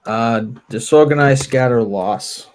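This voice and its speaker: Slow, deliberate man reading dice rolls. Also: medium pitch. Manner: deliberate, reads dice results aloud. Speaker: wargame player. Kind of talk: casual play-through commentary.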